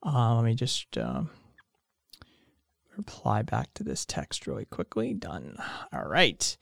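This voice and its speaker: A man's voice: lowish voice, huge pitch swings, slow, vocal fry, fairly bright tone, no room sound, clean studio sound. A man hosting a casual solo podcast, rambling and tired, with lots of fillers, restarts and casual swearing. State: tired, yawning. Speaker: podcast host.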